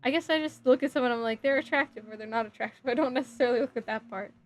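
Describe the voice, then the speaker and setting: Rapid-fire and giggly, this New Jersey livestreamer has a fairly high voice and chats casually with viewers while putting together a model kit. She's scattered, answering chat messages aloud as they come in.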